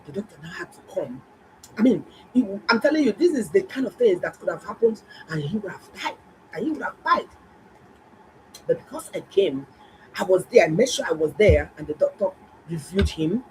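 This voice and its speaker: A middle-aged woman, a doctor, telling viewers a story in a casual, animated and exclaiming way. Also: mid-range voice, normal speed, slight background noise, low-quality recording. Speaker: doctor and health vlogger.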